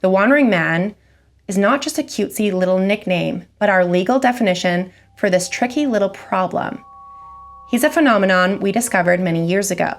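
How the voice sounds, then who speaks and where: A woman voicing a gruff, stern male government agent with an American Western drawl, talking slowly and bluntly. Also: mid-range voice, soft background music, natural voice. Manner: slow, blunt and commanding.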